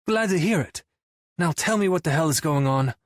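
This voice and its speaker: A man voicing a prim, calm male band manager with a crisp, clipped British accent in an audiobook. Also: on the high side, normal speed, no room sound, studio quality, pitched above the performer's own voice, lightly acted. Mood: exasperated. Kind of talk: audiobook character voice.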